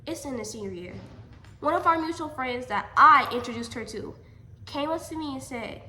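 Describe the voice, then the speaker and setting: A young adult woman telling a personal story in a storytime vlog, animated and emphatic, often repeating her lines. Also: high-pitched, moderate pace, slight background noise. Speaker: vlogger. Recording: echoey room.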